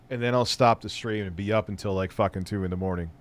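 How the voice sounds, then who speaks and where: A man's voice: lowish voice, level tone, fast talker, hardly any pauses. A middle-aged man hosting a live stream, chatting loosely and rambling, with casual swearing. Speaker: streamer host.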